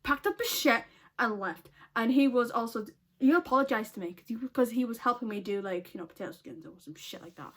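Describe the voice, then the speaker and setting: A woman's voice: a little high, lively intonation, a little fast. A woman telling a storytime vlog in a casual, blunt way, swearing a lot and laughing often. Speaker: vlogger.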